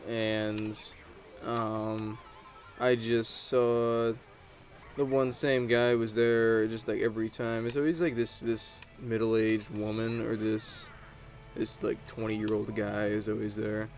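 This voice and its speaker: Low, flat-voiced man rambling over gameplay. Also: slow pace, faint music behind. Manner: rambling, chatty storytelling while playing. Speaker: gaming channel host. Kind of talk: casual gameplay commentary.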